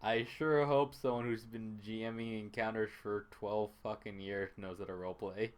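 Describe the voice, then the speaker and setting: A man's voice: fairly low pitch, fairly even intonation, normal speed, clean tone. Wry man narrating a game. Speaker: game master. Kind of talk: casual chat and game narration.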